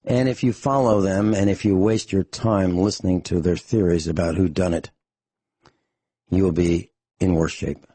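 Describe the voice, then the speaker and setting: A hoarse, out-of-breath man hosting a talk radio show, speaking bluntly and angrily in an emphatic monologue. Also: low-pitched, fairly even intonation, moderate pace, mellow, no echo.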